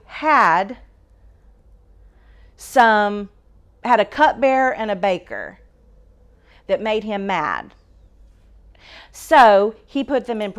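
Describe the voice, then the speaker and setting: Conversational woman teaching Bible study. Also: medium pitch. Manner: conversational, asks the group questions, self-correcting.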